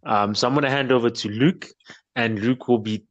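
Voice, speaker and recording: A man's voice: medium pitch, a little fast, no room sound, muffled recording. Laid-back male podcast host. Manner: laid-back, full of fillers and laughs. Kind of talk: casual podcast chat.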